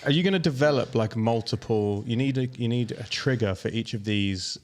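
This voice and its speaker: A man hosting a golf podcast, calmly explaining a course and teasing his co-host. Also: mid-range voice, a little fast. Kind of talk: casual chat.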